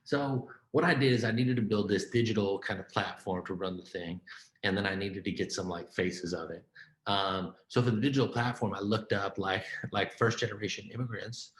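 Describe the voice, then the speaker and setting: Man, keynote storytelling, low voice, casual and animated, restarts a lot, roomy echo. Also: normal speed. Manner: informal and animated, with repeated "man" and "right?" and stacked restarts. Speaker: keynote speaker. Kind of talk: conversational storytelling talk.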